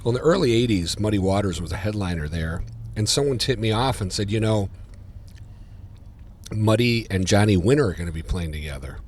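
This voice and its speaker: A man, a podcast guest telling stories in casual chat, getting louder and higher as he relives them. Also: fairly quick. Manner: animated, gets louder and higher when retelling. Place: diner.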